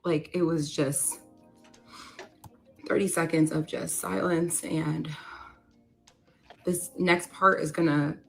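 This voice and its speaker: Low-voiced young woman telling her story. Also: flat delivery, slow pace, creaky, pauses often, faint music behind. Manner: conversational, many "like" fillers. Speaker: storyteller sharing a personal story. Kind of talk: casual confessional storytelling.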